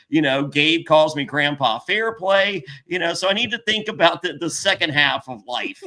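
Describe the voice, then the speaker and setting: A middle-aged man hosting a podcast, telling a story in a rambling, profane, excitable way with many restarts. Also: a little high, normal speed, few pauses, rough recording. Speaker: podcast host. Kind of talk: casual storytelling chat.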